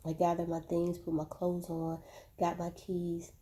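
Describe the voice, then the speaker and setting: A woman slowly sharing a painful personal story straight to her viewers, often repeating words as she goes. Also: fairly low pitch, completely flat delivery, warm tone, slight background noise. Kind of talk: personal testimony, spoken to viewers.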